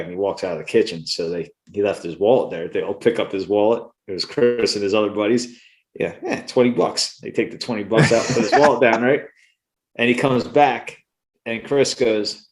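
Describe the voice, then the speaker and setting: A man's voice: on the low side, steady tone, a little fast. A middle-aged man co-hosting a podcast, telling rambling, profane stories in casual chat. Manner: rambling, swearing, laughing storyteller. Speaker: podcast co-host.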